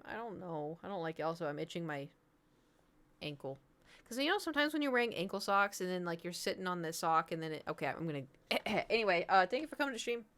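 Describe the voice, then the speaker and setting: A woman's voice: fairly low pitch, fairly bright tone. A woman in her thirties, chatting casually to her live stream audience and rambling through stories with frequent laughs. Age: 30s.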